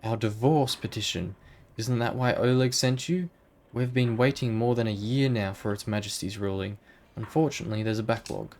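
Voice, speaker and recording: A man's voice: fairly low pitch, normal speed, darkish tone, slight background noise, close to an everyday voice. A man voicing a prim late-middle-aged woman librarian who speaks sweetly but sharply and calls people dearie, while reading game dialogue aloud. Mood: flustered.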